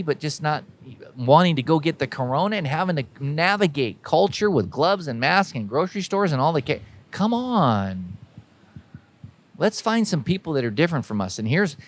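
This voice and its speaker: A man hosting a podcast, delivering a folksy, emphatic motivational monologue that exhorts listeners directly. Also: fairly high pitch. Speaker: podcast host.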